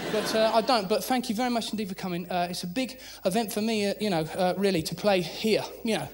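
A man doing an excitable stand-up comedy routine on a theatre stage, swearing freely. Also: sits high, fast talker, noisy background. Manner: frantic, excitable, swears a lot. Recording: live theatre recording with loud crowd. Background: loud audience laughter.

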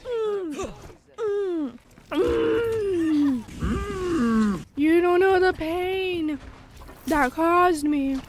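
A young woman giving gameplay commentary with loud, excitable reactions, often shrieking and crying out "no" over and over. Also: very high-pitched, very slow, pauses often, noisy background. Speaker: gaming content creator. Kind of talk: gameplay commentary during a hot sauce challenge.

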